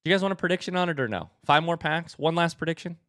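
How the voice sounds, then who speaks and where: A young man live-streaming as he opens card packs and chats with viewers, turning excitable and hyping each reveal. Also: rapid-fire, clear, resonant tone, no echo, clean studio sound. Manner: excitable, bursts into high shouts; hype commentary.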